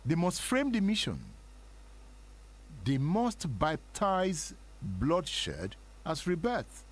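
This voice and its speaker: A husky-voiced man from Nigeria delivers a dramatic history lecture in slow, deliberate phrases. His pitch swings widely as he builds a sermon-like cadence, and he keeps turning to his listeners with rhetorical questions. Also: very animated. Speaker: host.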